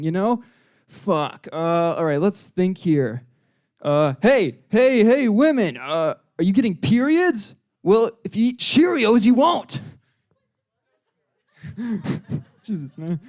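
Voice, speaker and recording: A man's voice: high voice, darkish tone, smooth. A young man doing open mic stand-up comedy on a club stage, rambling and crude, with constant filler words. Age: young adult. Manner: rambling, crude, heavy "you know" fillers; puts on voices for joke characters.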